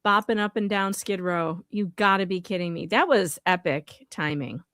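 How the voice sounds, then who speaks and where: A woman's voice: mid-range voice, normal speed, no echo, studio quality. A woman joining a casual livestream chat as a guest, with a wry, teasing manner. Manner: wry, teasing, lively delivery.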